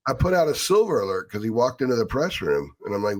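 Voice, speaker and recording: Husky middle-aged man, wry and grumbling. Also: medium pitch, big pitch swings, fast talker. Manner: wry, nostalgic, grumbling humor. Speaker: sports reporter and co-host. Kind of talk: casual podcast chat.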